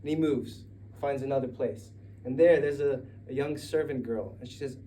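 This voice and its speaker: A Mexican American man tells a story at a live event, chatty and prone to laughing asides. His voice is mellow and dark at a middle pitch. The mic sits at a distance, and a faint ambience hangs behind him. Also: normal speed, hardly any pauses, slight background noise. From United States. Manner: conversational, digressive, laughing asides. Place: live story night venue.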